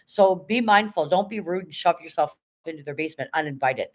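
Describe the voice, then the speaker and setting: A woman's voice: low voice, expressive, brisk. A woman hosting a livestream, chatting casually to her viewers and greeting people by name as they come into the chat. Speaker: livestream host.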